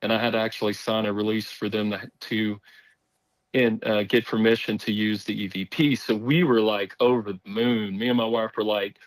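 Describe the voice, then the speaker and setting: A man telling a story on a podcast in casual chat, rambling and animated, acting out the voices of people he quotes. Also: fairly low pitch, normal speed, dry recording, low-quality recording.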